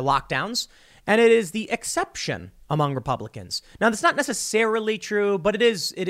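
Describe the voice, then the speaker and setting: A man hosting solo political commentary, talking in an animated, self-interrupting way. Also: high-pitched. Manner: animated, self-interrupting, mocking quoted voices.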